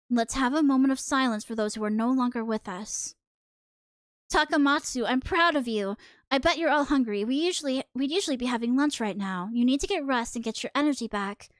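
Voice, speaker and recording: A woman's voice: fairly high pitch, moderate pace, dry recording, studio quality, lightly acted. Woman putting on a stern, grave male schoolteacher. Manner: solemn, lecturing.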